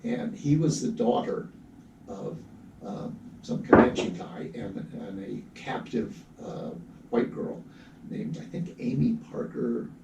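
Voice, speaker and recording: A man co-hosting a casual movie talk show, telling film history in a halting way with many fillers. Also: mid-range voice, animated, creaky, dull audio. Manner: storytelling, hesitant with many fillers. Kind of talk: casual chat about movies. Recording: echoey room, far from the mic, faint background noise.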